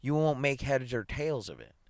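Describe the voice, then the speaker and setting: A man's voice: medium pitch, expressive, dry recording, clean studio sound, voice pushed up, lightly acted. A man doing a chirpy, chatty psychologist. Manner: brisk, chirpy, talkative. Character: chatty, eager middle-aged male psychologist.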